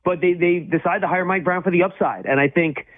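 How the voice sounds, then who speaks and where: A man co-hosting casual sports talk, talking fast and emphatically, with many restarts. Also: sits high. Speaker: sports radio co-host. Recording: tinny phone-like line.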